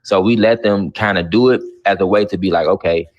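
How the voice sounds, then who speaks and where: A fairly low-pitched man hosts a livestream and argues bluntly. He swears freely and pushes back hard on the people he talks with. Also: brisk, dull audio. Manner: profane, blunt, confrontational. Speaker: livestream host. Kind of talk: heated casual talk.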